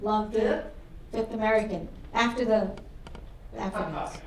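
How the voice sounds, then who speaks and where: A woman's voice: medium pitch, measured pace, distant mic, slight background noise. Brash woman doing stand-up, roomy club. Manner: brash, crude deadpan punchlines. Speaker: stand-up comedian. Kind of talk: stand-up comedy set. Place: comedy club stage. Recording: roomy club sound from afar, audience laughter.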